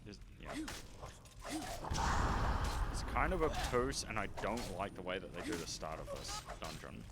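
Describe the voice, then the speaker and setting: An Australian man talks over his gameplay in a very deep, low-pitched voice, cracking crude jokes and swearing in sudden bursts. A steady hiss of background noise sits clearly under his voice throughout. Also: brisk. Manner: swearing, joking, bursts of exclamation. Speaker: streamer. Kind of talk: casual gameplay commentary.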